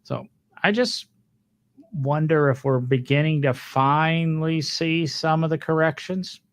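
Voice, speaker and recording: A man's voice: a little high, unhurried, no room sound. A man co-hosting a podcast, chatting casually in a rambling way with fillers and joking asides. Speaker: podcast co-host. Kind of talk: casual chat.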